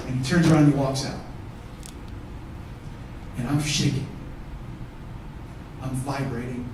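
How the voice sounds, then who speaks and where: A man's voice: mid-range voice, steady tone, a little slow, pauses often, darkish tone, a little hiss or hum. A male comedian performing a one-man storytelling show, talking in a conversational, profane way and bantering with the audience. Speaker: stand-up comedian. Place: theatre stage with live audience. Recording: echoey theatre from far off.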